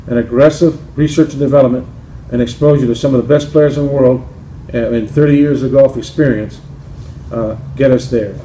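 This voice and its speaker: A man presenting his golf shaft company and telling a joke, halting with restarts. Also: mid-range voice, warm tone, a little hiss or hum. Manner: halting, with many restarts and fillers. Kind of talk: company promo talk with a joke. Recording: roomy with faint ambience.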